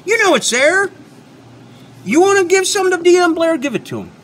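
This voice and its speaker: High-voiced man ranting with swinging pitch. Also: big pitch swings, fairly quick, fairly bright tone, slight background noise. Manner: emphatic, repetitive, lecturing, swears freely. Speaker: channel host and product reviewer. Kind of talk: unscripted ranting monologue.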